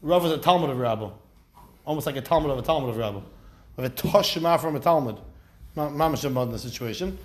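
A man teaching a lively study class, explaining step by step with rhetorical questions and acted-out quotes. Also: medium pitch, fast talker. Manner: animated, asks rhetorical questions, acts out quotes. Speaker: Talmud teacher.

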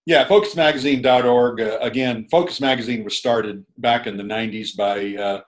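Homem contando história de forma descontraída. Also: male voice, medium pitch, moderate pace, rough recording. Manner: rambling, frequent restarts and chuckles. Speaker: guest minister. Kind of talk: casual storytelling conversation.

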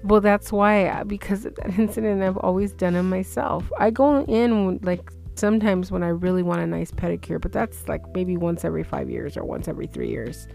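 Animated woman telling a funny story. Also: on the low side, a little fast, vocal fry, few pauses, soft background music. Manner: animated, acts out quotes, laughs through story. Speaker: podcast co-host. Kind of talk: casual storytelling chat.

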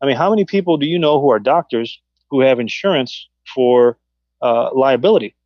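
A middle-aged man and former police officer, chatting on a podcast and telling animated stories about the job. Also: a little fast, no echo. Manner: animated storytelling, acts out quotes in a high voice. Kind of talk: casual podcast chat. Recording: dull, dry podcast audio.

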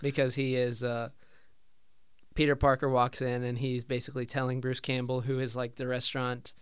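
A man's voice: mid-range voice, little pitch movement, normal speed, clear, resonant tone, no room sound, studio quality. A man co-hosting a podcast who retells a movie scene casually, laughing and briefly doing the characters' voices. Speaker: podcast co-host.

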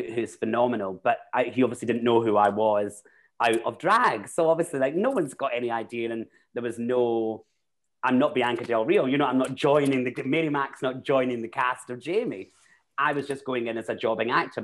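A Scottish man talking through his stories in a loose, chatty way, often restarting his sentences. His pitch sits in the middle for a man, neither deep nor high. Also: a bit bright. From Scotland. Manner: chatty, rambling, with frequent restarts. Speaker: guest, drag queen and actor. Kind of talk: casual chat.

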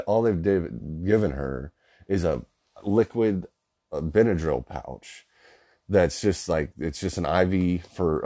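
A man's voice: low-pitched, dark tone. A young man in his twenties telling a personal story casually, rambling with lots of fillers and swearing. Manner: rambling, profane, filler-heavy.

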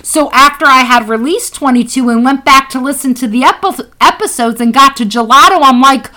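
A woman co-host with a high voice tells stories in loose, casual chat, laughing often and swearing freely. Her tone is very bright and her stories are lively. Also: fairly quick, rough recording. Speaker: podcast co-host.

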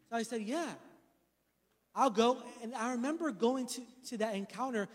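A man's voice: very high-pitched, normal speed, long reverb tail. A man in his thirties preaching a sermon, mixing a personal story with emphatic preaching. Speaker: pastor.

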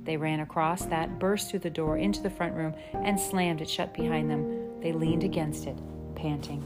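A woman narrating a children's storybook in a slow, gentle, measured way. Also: low-pitched, steady tone, loud music behind the voice. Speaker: audiobook narrator.

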